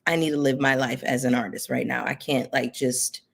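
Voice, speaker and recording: A woman's voice: extremely low pitch, fairly even intonation, brisk, gravelly, slight background noise. Picture a young woman settled in front of her camera, talking to her regular viewers in an easy, rambling way. Her delivery is sincere and heartfelt. She leans on plenty of filler words as she thinks aloud. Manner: chatty and heartfelt, many fillers. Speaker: reality TV commentary YouTuber. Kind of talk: casual direct-to-camera chat.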